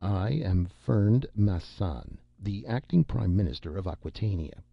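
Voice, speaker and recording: A man voicing a slow, shrewd prime minister. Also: fairly low pitch, expressive, creaky, husky, dry recording, exaggerated voice. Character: shrewd, formal male acting prime minister. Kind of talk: scripted audiobook narration. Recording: dull lo-fi recording.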